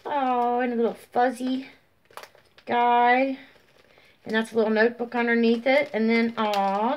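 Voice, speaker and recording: A woman chatting casually as she shows off craft mail, gushing and drawn-out, sleepy and yawning. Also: fairly high pitch, lively intonation. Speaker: craft vlogger. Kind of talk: casual show-and-tell chat.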